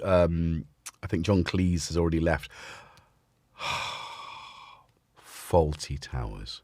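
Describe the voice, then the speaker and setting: A man hosts a relaxed livestream and chats in loose, rambling tangents, breaking into laughter often. His pitch swings up and down freely, and the sound is close and dry. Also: dry recording. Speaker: livestream host. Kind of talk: casual livestream chat.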